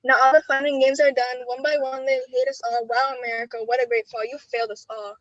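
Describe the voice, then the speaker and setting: A teenage girl with a high voice reads her spoken word poetry over a video call, earnest and emotional. The sound is dry and a little muffled, without much room tone. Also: little pitch movement, fast, no room sound. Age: teens. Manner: earnest, emotional delivery with nervous laughs between poems. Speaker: student poet.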